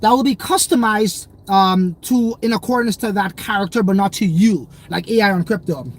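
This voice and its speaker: A man's voice: sits high, normal speed, a little hiss or hum. A young man hosting a crypto livestream, chatting loosely in slang and reading viewer comments. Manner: slangy, loose and rambling, many fillers.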